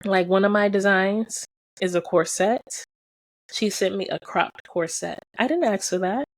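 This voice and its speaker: Woman vlogger, gravelly fry, dry close sound, emphatic and direct with viewers. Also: mid-range voice, a little slow, no room sound. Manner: emphatic, repeats phrases for stress; slangy and direct, addresses viewers. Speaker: vlogger and fashion brand founder. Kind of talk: candid personal vlog storytelling.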